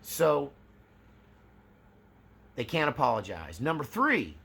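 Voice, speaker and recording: A man's voice: mid-range voice, wildly swooping pitch, slow, creaky, a bit bright, breathy edge. A man hosting his own channel, talking casually and acting out examples as he explains. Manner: conversational, acts out examples. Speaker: channel host. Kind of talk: casual talk to camera.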